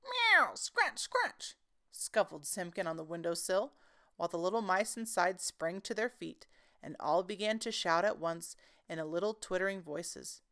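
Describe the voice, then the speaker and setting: A woman reading a classic children's story aloud in a gentle, expressive storytelling manner. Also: on the low side, normal speed. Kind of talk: children's book read-aloud.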